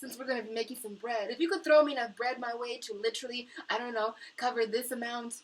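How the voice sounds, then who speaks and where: A distressed young woman speaking to camera in her small kitchenette, impassioned and profane, dropping to low mutters and rising to shouts. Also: fairly even intonation, quick pace, distant mic, rough recording. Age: young adult. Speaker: vlogger. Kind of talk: emotional monologue to camera.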